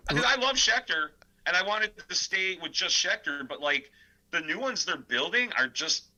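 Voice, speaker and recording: This low-quality recording captures a high-pitched male voice at normal speed. The speaker, a Midwestern American who sings and plays guitar in death metal, rambles through anecdotes as a podcast guest. It's an easygoing storytelling interview, and he's animated, digressive, and heavy on filler words.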